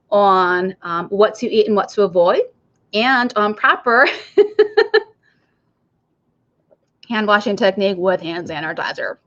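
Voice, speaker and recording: A woman's voice: medium pitch, a bit bright, lo-fi sound. A woman working as a nurse and health coach, talking casually and chatting straight to her viewers. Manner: chatty, addresses viewers directly. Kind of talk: casual online coaching talk.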